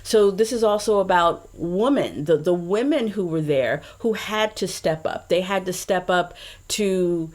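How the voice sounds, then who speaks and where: A woman's voice: lowish voice, lively intonation, unhurried. A woman co-hosting a podcast in casual chat, telling a story with chatty asides. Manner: chatty, reads quotes aloud, trails into asides.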